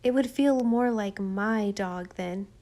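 An eager, warm-hearted young boy, read by a woman in nearly her own voice. He speaks keenly and earnestly. A storybook reading. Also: medium pitch, takes it slowly, close to an everyday voice.

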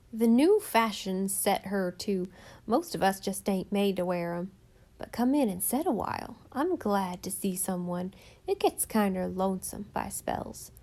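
A woman voicing a chatty, lonely old countrywoman who is hoarse from a cold and rambles in folksy, rustic speech. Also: medium pitch, a little mellow, natural voice. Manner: rambling homespun talk with rustic grammar.

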